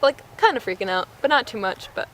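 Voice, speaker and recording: A woman's voice: fairly high pitch, animated, fast talker, a bit bright, a little hiss or hum, low-quality recording. A young American woman telling a travel mishap story in a casual, breathless way, full of "like" and acted-out quotes. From United States. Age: young adult. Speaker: vlogger.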